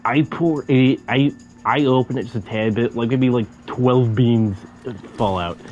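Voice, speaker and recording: A man's voice: mid-range voice, a little slow, darkish tone, lo-fi sound, faint music behind. A young man casually telling a story about a night out, often stuck repeating syllables before a word comes out. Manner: stammers, repeating syllables many times.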